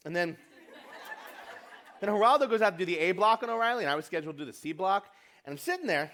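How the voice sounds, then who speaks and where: Delivering a comedic conference keynote, this New Yorker has a high, expressive, slightly bright voice, with a little background noise. He talks fast and brashly, cracking profane jokes and acting out quotes.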